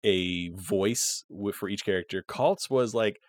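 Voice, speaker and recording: A man's voice: fairly low pitch, unhurried, dry recording, studio quality. A young man talking casually about the character he plays in a tabletop game, rambling with plenty of fillers. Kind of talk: casual podcast chat.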